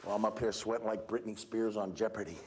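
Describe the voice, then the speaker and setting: A man giving an energetic, emphatic motivational speech at a school assembly, speaking straight to the students. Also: lowish voice, fast talker. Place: school gym or auditorium. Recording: echoey hall, crowd noise. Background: student audience.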